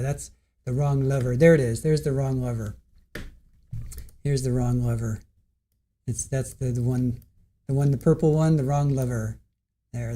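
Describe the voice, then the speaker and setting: A man hosting a casual livestream about a trial, chatty and giggly, reading aloud haltingly. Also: medium pitch, mellow. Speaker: trial commentary host.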